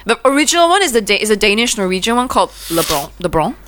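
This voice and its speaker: Bright-voiced chatty woman. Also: mid-range voice, sing-song, very fast, dry recording. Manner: chatty, repeats herself when searching for words. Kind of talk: casual chat about films.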